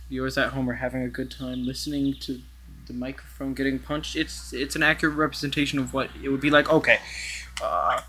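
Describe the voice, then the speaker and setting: A man's voice: medium pitch, fairly bright tone, slight background noise. A young man giving rambling, casual commentary while playing a VR game, swearing and talking to the characters on a headset mic. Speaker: gaming YouTuber.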